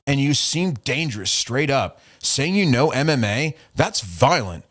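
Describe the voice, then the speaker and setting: A man's voice: mid-range voice, very animated, measured pace, fairly bright tone. Profane mocking male podcast host. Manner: profane, mocking, reading out messages. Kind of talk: casual podcast rant.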